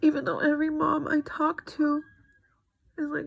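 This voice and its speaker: A woman's voice: high-pitched, completely flat delivery, moderate pace, gravelly, pauses often, no room sound. A young woman giving an earnest, frustrated personal video update to her followers. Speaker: vlogger.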